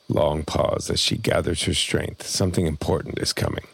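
Deep gravelly man reading a memoir. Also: little pitch movement, normal speed, hardly any pauses, a bit bright. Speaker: memoir narrator.

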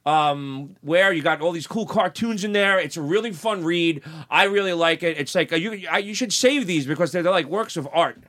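A man's voice: fairly high pitch, expressive, normal speed, few pauses, fairly bright tone. A man hosting a casual talk show, telling a story in a rambling way full of fillers and restarts. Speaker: podcast host.

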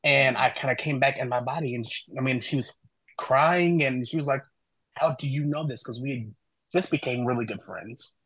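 A man's voice: mid-range voice, normal speed, no echo, low-quality recording. Man telling stories on a podcast, dry sound. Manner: animated storyteller, voices his friends in quotes. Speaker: guest, human design reader and author. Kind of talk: conversational podcast storytelling.

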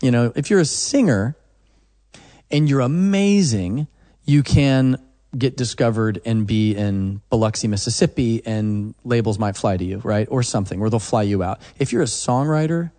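A man's voice: medium pitch, normal speed. A man, a songwriter guest, telling stories in a casual interview and acting out what people said to him. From Oklahoma. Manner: animated storyteller, acts out quotes.

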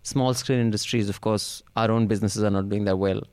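A man with an Indian English accent hosts a casual political podcast, sounding out of breath as he rambles through the news with jokes. His voice is lowish and darkish yet clean, with fairly even intonation and a brisk delivery.

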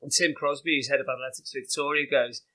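A man's voice: mid-range voice, fairly even intonation, fast, bright, forceful tone, poor audio. A British man in his forties, a guest telling stories in a casual interview, rambling with lots of fillers and laughing at his own anecdotes. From Britain. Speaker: guest runner.

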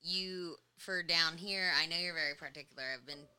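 A young woman from New York hosting a casual chat, an animated storyteller who laughs often. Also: lowish voice, normal speed, clear, resonant tone. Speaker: podcast host.

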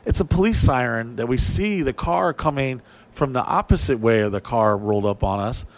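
A man casually telling a story, animated and profane, acting out what people said in a raised voice. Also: mid-range voice, normal speed.

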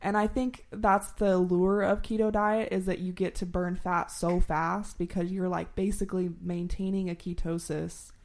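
A young woman talking casually and explaining at length, with a gravelly fry running through her voice. She is informal and chatty and breaks into laughs often. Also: lowish voice, little pitch movement, moderate pace, few pauses, darkish tone. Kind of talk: casual chat.

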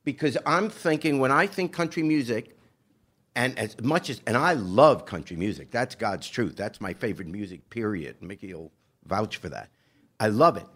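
A man hosting an interview who asks questions in a musing, halting way with many restarts. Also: lowish voice, expressive, fairly bright tone, breathy edge. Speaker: interview host. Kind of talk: casual interview.

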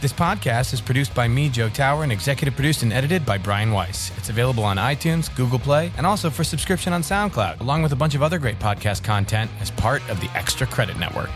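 A man's voice: medium pitch, expressive. A man, the podcast's producer, casually reading the closing credits and sign-off. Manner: brisk, casual read of credits. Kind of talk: scripted podcast outro. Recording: voice over guitar music.

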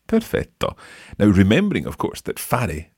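A man hosting a podcast language lesson, modelling phrases slowly and patiently for a learner. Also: deep voice, very animated, darkish tone, breathy edge, dry recording, clean studio sound. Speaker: language teacher and host.

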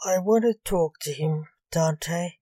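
A woman voicing a quick-tempered young male reporter in a read-aloud story, who answers with irritated retorts. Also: lowish voice, dark tone, dry recording.

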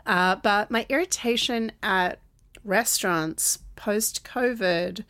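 A woman co-hosts a podcast, griping with wry, self-aware humor. Her pitch sits right in the middle, and the sound is dry and close to the mic. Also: slow pace, fairly bright tone, no echo. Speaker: podcast co-host. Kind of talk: casual chat.

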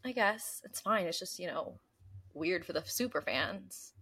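A young woman from the US East Coast, co-hosting a podcast in casual chat and telling animated stories, mimicking voices and gasping. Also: on the low side, a little slow, gravelly, husky. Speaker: podcast co-host.

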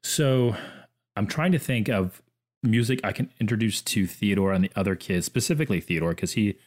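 A man co-hosting a podcast, chatting in a relaxed, jokey way about his kids. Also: fairly low pitch, normal speed. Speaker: co-host, father. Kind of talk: casual chat.

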